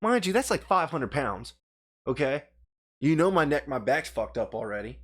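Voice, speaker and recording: A podcast co-host with a medium-pitched, fairly bright voice speaks at a normal speed in a sing-song way. In a studio, into a studio microphone, he tells a story as a heated, profane rant, talking with his hands.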